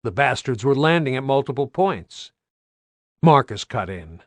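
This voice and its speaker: A man's voice: fairly low pitch, normal speed, no echo. A man reading an audiobook aloud with tense, dramatic narration. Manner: tense, dramatic, varied delivery.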